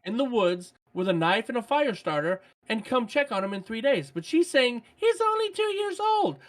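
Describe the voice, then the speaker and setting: A man's voice: high voice, expressive, moderate pace, fairly bright tone. A man guesting on a podcast in casual chat, joking in a playfully over-the-top way.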